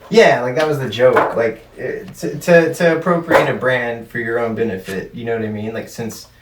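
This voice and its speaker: A man's voice: mid-range voice, moderate pace, distant mic. A man chatting casually as a guest on a talk show, rambling with lots of fillers. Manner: rambling, filler-heavy storytelling. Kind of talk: casual chat. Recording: roomy sound from off mic with background noise.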